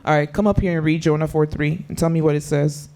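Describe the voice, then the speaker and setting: A man with a high voice leads a youth Bible lesson in a meeting room. He keeps questioning his listeners and puts drama into every scripture line he quotes. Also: fairly even intonation, fast talker, a little mellow. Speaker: youth Bible study leader.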